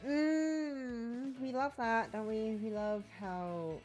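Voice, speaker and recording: A woman's voice: fairly high pitch, fairly even intonation, very slow, darkish tone, muffled recording, faint music behind. A woman with a sore throat, streaming a game from home and chatting casually in a rambling, self-interrupting way. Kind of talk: casual gameplay chat.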